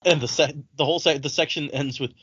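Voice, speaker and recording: A man's voice: on the high side, fast, slightly rough, no room sound, lo-fi sound. A man co-hosting a casual book discussion podcast, retelling scenes and acting out quotes. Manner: animated retelling, reads quotes in put-on voices. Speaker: podcast co-host.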